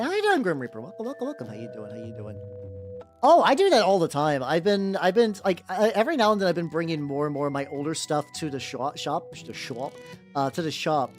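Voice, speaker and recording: A streamer talks loosely to a live chat while painting, rambling and restarting, full of "like". The pitch is mid-range but leaps around a lot. Faint background music plays beneath the voice. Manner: rambling, heavy use of 'like', frequent restarts. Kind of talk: casual livestream chat with viewers.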